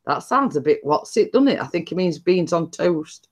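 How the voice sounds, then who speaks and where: A woman's voice: fairly low pitch, expressive, normal speed, husky. A woman in her fifties with a Nottinghamshire accent, hosting a casual live chat and reading out comments, laughing often and poking fun at herself. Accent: Nottinghamshire English. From Nottinghamshire, England. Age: 50s. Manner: chatty, laughs often, self-deprecating. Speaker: host.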